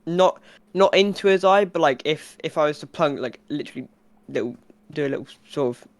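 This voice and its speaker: A man's voice: a little high, brisk, dry recording. A man playing a tabletop game, who talks in a hesitant, filler-heavy way. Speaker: player. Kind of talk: casual tabletop play.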